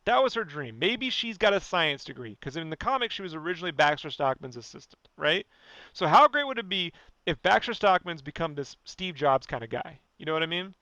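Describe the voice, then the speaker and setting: A man ranting casually and profanely on a podcast, animated and fired up. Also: fairly high pitch, a little fast, no echo, lo-fi sound. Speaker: podcast guest.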